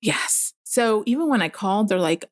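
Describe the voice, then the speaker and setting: A young woman who is a mother speaks candidly as a guest in casual conversation, using lots of fillers. Her mid-range voice has lively intonation at a normal speed, recorded dry with clean studio sound.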